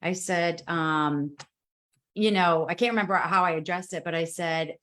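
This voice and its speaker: A woman guest speaker telling a story in a casual live video chat, animated and emphatic, with quick asides. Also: lowish voice.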